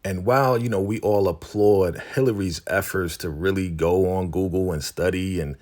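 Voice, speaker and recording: A man with a low, deep voice recapping a TV episode in a relaxed, chatty way. He talks casually, with plenty of slang and filler words, like he's catching up with a friend. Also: normal speed. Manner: laid-back, chatty, slangy retelling with many fillers. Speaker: TV recap host.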